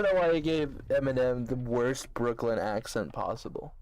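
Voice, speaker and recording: A man's voice: mid-range voice, fairly even intonation, normal speed, darkish tone. A man giving casual let's-play commentary, joking and thinking aloud as he plays. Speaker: gaming video host.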